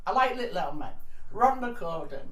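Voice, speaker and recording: A woman's voice: medium pitch, expressive, normal speed, fairly bright tone, distant mic. Older lady telling cheeky stories, chatty, sounds roomy and a bit off-mic. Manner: chatty, cheeky, laughs between tales. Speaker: interviewee. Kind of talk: casual storytelling.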